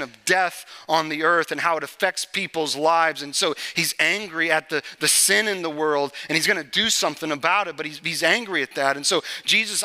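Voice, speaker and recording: A male pastor giving a conversational sermon in a church service, often checking in with the congregation with a quick "right?". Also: on the high side, pushed and bright.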